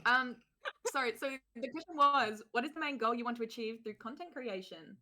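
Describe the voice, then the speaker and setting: A woman's voice: on the high side, a little fast, sharp tone. A chatty woman streamer hosting a casual group conversation, laughing often and tripping over her words. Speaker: streamer hosting a sleepover chat.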